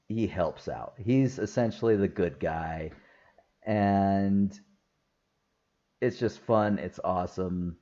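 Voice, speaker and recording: A man's voice: low-pitched, a little mellow, lo-fi sound. A man talking casually through a film review, rambling and enthusiastic, with lots of fillers and laughs. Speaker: movie reviewer.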